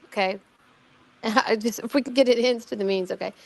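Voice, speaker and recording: A middle-aged woman with a fairly high, gravelly voice speaks at normal speed as a guest in a casual conversation. She rambles through the story of her own amateur investigation, repeating words, restarting sentences and quoting what other people said.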